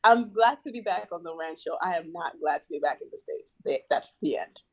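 A sassy, jokey woman co-hosts a casual podcast chat. Her voice is husky and swings widely in pitch. The audio comes through muffled and lo-fi. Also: expressive, brisk. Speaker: podcast co-host.

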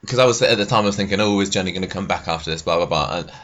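Male podcast co-host, very low voice, rapid chatty delivery, tag questions. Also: fairly bright tone, highs cut off. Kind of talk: casual soap recap chat.

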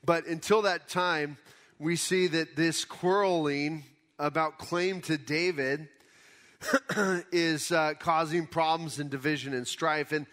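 A pastor preaching a conversational sermon, explaining scripture casually in everyday words. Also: male voice, fairly high pitch, steady tone, slow, a bit bright. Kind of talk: conversational Bible teaching sermon.

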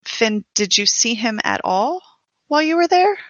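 A woman's voice: a little high, sing-song, moderate pace, no room sound, muffled recording. A woman playing a tabletop game, speaking in character in an earnest, concerned way. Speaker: player.

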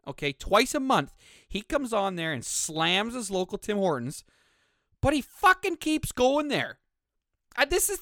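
A man's voice: a little high, a bit bright, smooth, no room sound, studio quality. A man hosting a podcast, ranting with heavy swearing and heated outbursts. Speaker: podcast host. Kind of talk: solo podcast rant.

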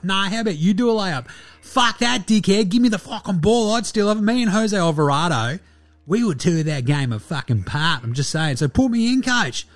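A man's voice: sits high, voice pushed up. A man doing a swaggering foul-mouthed Aussie baller. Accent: Australian. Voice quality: loud, swaggering, crude. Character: brash, boastful, foul-mouthed male Australian basketballer. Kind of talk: comedic character bit.

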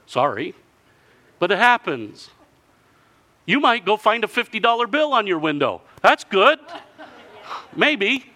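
A man preaching a sermon, telling a story with lively delivery and answered by the congregation. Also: sits high, a little slow, long pauses. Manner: lively storytelling, acting out villagers in character.

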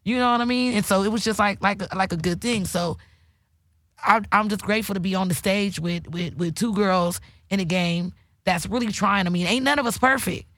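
A woman's voice: medium pitch, moderate pace, a bit bright, no room sound, studio quality. A woman hosting her own podcast, talking candidly and emotionally, swearing often. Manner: emotional, preachy, heavy swearing. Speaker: host. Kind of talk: candid casual podcast talk.

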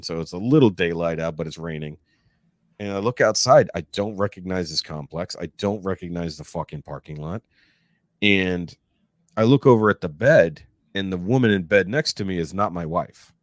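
Deep-voiced man telling a profane story. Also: moderate pace, no room sound, studio quality. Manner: profane, animated retelling with acted-out quotes. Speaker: podcast guest. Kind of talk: casual storytelling.

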